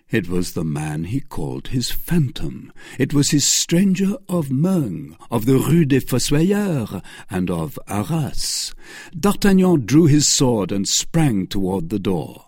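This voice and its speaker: Husky man reading a classic novel. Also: no echo, studio quality. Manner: expressive, varied pitch reading. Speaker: audiobook reader. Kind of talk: audiobook narration of a classic novel.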